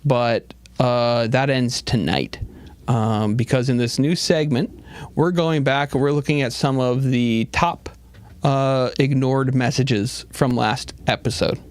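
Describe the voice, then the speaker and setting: A man's voice: mid-range voice, fairly even intonation, slow, clean tone, no echo. A man hosting a comedic call-in show, rambling through silly stories. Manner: rambling, playful storytelling. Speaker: host. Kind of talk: comedic talk show riffing. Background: music.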